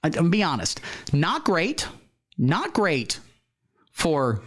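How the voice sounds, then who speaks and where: A man hosting a satirical comedy show, commenting on the material in a deadpan, mock-earnest way with feigned naivety. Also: a little high, takes it slowly. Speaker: comedy host.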